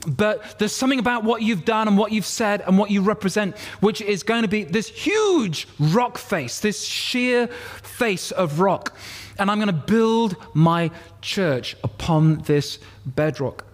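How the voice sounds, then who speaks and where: Man, pastor, sermon in a church, high-pitched voice, explains word meanings, call-and-response. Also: animated, a little slow. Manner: expository, leads congregation call-and-response.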